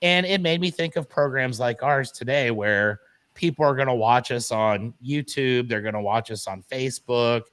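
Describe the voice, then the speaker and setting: A man's voice: medium pitch, normal speed, fairly bright tone, clean tone. A man co-hosting an online morning show, chatting casually and telling stories straight to his viewers. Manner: chatty, tells stories and talks to "folks". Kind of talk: casual chat.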